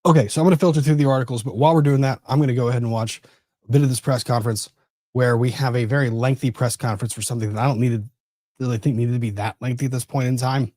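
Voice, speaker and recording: A man's voice: mid-range voice, fairly even intonation, rapid-fire, dark tone, no echo, studio quality. A man hosting a casual legal commentary livestream, rambling and easily sidetracked. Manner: rambling, easily distracted, self-interrupting. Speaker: livestream host.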